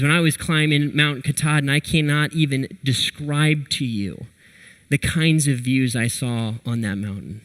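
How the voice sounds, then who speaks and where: A young adult man preaching a sermon, telling a story with lively, animated retellings of what people said. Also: fairly high pitch, smooth, rough recording. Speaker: pastor.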